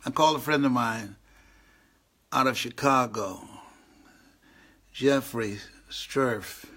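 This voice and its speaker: A man's voice: medium pitch, takes it slowly. An older man who is a motivational speaker, telling his story in a live online talk. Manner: animated storyteller, acts out the voices of people he quotes. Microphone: online live broadcast.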